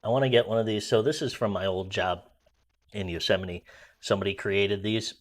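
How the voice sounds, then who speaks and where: A man's voice: on the low side, fairly even intonation, a little fast. A man who is an amateur voice actor, talking casually and rambling as he coaches viewers from his computer at home on a desk microphone. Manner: rambling, self-correcting, coaching tone. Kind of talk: casual explanatory vlog.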